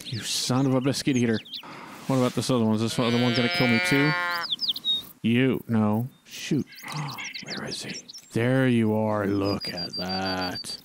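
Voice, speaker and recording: A man's voice: medium pitch, steady tone, normal speed, noisy background. A man giving casual gameplay commentary, talking and pleading with the animals on screen. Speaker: gaming channel host.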